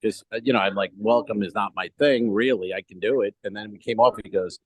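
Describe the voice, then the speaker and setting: A man's voice: lowish voice, brisk, few pauses, slightly rough, dry recording, poor audio. A man co-hosting a comedy podcast in casual chat, rambling through stories, swearing and laughing as he goes, talking over a remote call. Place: remote call from a cruise ship.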